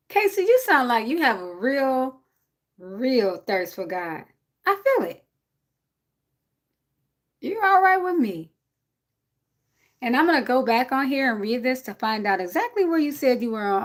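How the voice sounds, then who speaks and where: A woman's voice: on the high side, lively intonation, normal speed. A woman from City, chatting casually on a livestream with her viewers and her dog. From Jersey City, USA. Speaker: livestream host. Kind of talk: casual live-stream chat.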